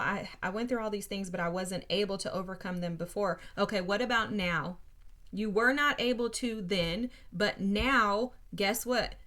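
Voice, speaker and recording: A woman's voice: mid-range voice, pushed and bright. A woman giving a casual spiritual tarot reading, talking straight to her viewers in an earnest, encouraging way. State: briefly emotional. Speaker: tarot reader.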